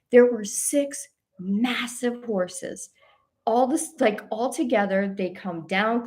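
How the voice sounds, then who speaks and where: A woman hosting a spiritual talk show, telling a story at home in a casual, animated way, with many restarts and little laughs, sometimes dropping to a whisper. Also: mid-range voice. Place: at home on a couch by a window.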